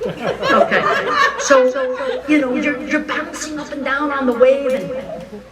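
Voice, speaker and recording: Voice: sits high, takes it slowly, far from the mic, over a noisy crowd, rough recording. A minister giving a frank, joking, conversational sermon at a live church service. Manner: animated storytelling, frank and joking.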